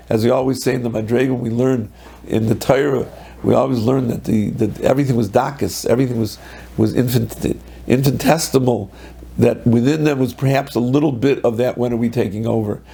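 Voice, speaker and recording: A man, a rabbi, teaching a Torah class in a lively storytelling way, quoting texts and then translating them. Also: mid-range voice, a little fast, creaky, slightly rough, rough recording. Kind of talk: Torah class on the weekly portion.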